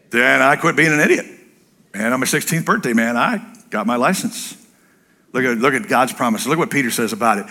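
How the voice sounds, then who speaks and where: Gravelly, bright-voiced joking preacher man. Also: mid-range voice, fairly quick. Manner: blunt, joking, animated storyteller who acts out voices. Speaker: pastor. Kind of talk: sermon.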